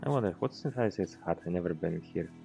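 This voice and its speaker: Man, deep voice, very gravelly, casual gameplay commentary, rambling, swears offhand. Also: animated, fast, over music, rough recording. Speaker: streamer.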